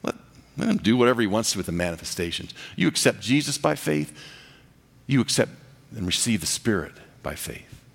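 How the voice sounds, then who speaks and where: A man's voice: lively intonation, brisk, vocal fry, husky. A man preaching a sermon, swinging from big rising passages to near-whispers. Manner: dynamic preaching, swelling loud and high then dropping to a hush. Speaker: pastor. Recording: reverberant hall.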